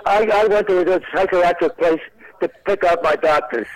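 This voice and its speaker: Older male comic, higher-pitched voice, rambles through stories and lands the jokes deadpan. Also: moderate pace, rough recording. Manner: rambling anecdotes with deadpan punchlines. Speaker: comedian guest. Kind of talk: storytelling interview chat.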